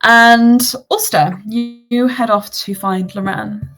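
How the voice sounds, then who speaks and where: A woman narrating a tabletop game as game master, with lively, playful storytelling. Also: fairly high pitch, slow.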